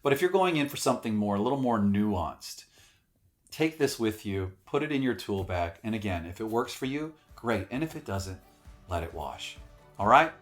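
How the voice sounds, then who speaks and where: A man's voice: lowish voice, lively intonation, normal speed, faint music behind. Emphatic man giving acting tips. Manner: emphatic, swears casually, acts out examples. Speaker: acting coach. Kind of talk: casual spoken acting advice.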